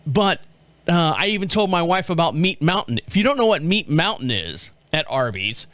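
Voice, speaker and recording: A man's voice: a little high, very animated, normal speed, a bit bright, no echo. A middle-aged man from the States, hosting a podcast in a rambling, joking way and chuckling often. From southern United States. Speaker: podcast host. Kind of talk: casual chat.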